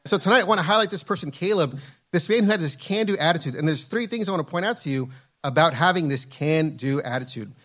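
Casting: male preacher, fairly high voice, fervent sermon delivery with repeated phrases. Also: animated, quick pace, fairly bright tone.

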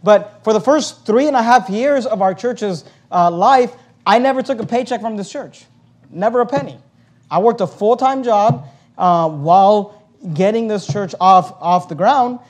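A man preaching a sermon as pastor, reading scripture aloud and building to loud emphatic stretches. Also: high-pitched, measured pace.

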